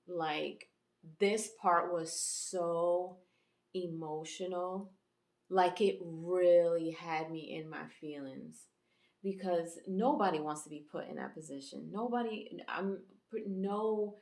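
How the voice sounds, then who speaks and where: Chatty woman reviewer, low voice, echoey room. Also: a little mellow. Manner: chatty and rambling, many fillers and restarts. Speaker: YouTube reviewer and channel host. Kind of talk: casual TV episode review.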